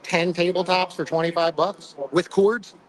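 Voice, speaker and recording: A man's voice: sits high, flat delivery, moderate pace, low-quality recording. A man vlogging live from an auction floor, chatting to viewers and pointing out what is going on around him, recorded on a handheld camera. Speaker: vlogger filming on location. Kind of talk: live walkaround commentary.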